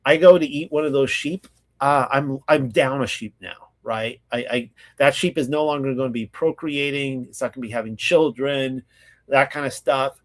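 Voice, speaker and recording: This Bible study host from California reads scripture at a slow pace before commenting loosely, with plenty of fillers and restarts. His voice is mid-range, and his intonation stays fairly even.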